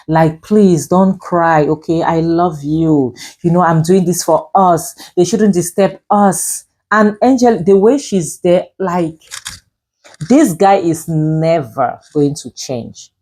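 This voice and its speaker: A woman's voice: low-pitched, warm tone, breathy edge. A woman reviewing a drama series, emphatic and scolding, with frequent "you know" fillers. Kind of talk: opinionated review commentary.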